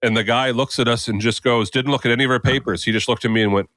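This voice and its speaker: A Canadian man co-hosting a podcast, talking through travel stories in a relaxed, chatty way. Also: medium pitch, fast, dry recording. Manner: relaxed anecdotal travel talk. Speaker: podcast co-host. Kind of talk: casual chat.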